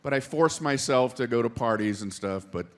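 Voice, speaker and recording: A man stand-up comedian telling a wry, sheepish story, with awkward pauses. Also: medium pitch, lively intonation. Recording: live comedy show with audience noise.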